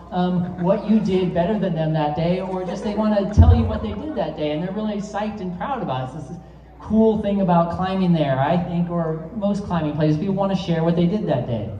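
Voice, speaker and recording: A man's voice: high voice, dark tone, a little hiss or hum. A man giving a live keynote talk to an audience, casual and storytelling, with many fillers. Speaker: keynote speaker. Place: event hall. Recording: roomy, distant, dull sound.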